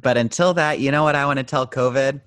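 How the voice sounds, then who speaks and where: A man co-hosting a podcast in casual chat, relaxed and agreeable, often laughing along. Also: mid-range voice, fast talker, clear, resonant tone, no room sound. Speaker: podcast co-host.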